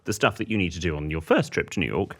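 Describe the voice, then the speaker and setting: A man co-hosting a podcast, chatting casually and telling animated anecdotes, often slipping into other people's voices. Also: low-pitched, fast talker. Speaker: podcast co-host. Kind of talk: casual chat.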